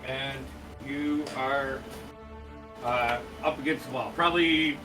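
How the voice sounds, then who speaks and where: A man running a tabletop game as game master, talking slowly with many pauses and fillers. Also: medium pitch, fairly even intonation. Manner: slow, halting, with many fillers. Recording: music playing under the voice.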